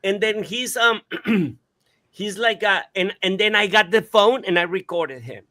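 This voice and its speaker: A man hosting a radio talk show, telling a story in an animated, casual way, swearing and imitating sounds. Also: high voice, a little slow.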